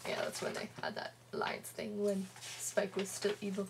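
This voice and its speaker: A woman's voice: medium pitch, wildly swooping pitch, moderate pace, gravelly, background noise. A teenage girl, chatting sarcastically in a home vlog with a sore throat. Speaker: vlogger. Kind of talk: casual vlog chat, retelling a comic.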